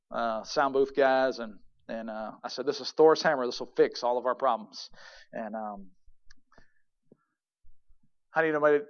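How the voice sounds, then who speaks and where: A male pastor preaching a sermon to his congregation, emphatic, swinging from loud declarations to quiet murmurs. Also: medium pitch, clean tone, dull audio. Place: church sanctuary.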